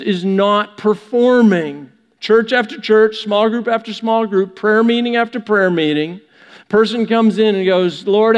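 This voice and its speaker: A man preaching a conversational sermon, repeating phrases and acting out quick mocking asides. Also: high voice, in a large hall. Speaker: pastor.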